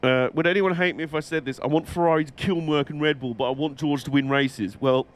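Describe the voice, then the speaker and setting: A man's voice: on the high side, fast talker. A young man chatting casually with viewers as he streams a game, chatty and sweary with a dry wit. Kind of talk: casual live-stream chat while gaming.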